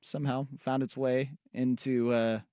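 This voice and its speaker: A man's voice: mid-range voice, level tone, unhurried, dark tone, clean tone. A man co-hosting a sports radio show, talking casually with frequent ums and uhs. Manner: hesitant, lots of ums and uhs.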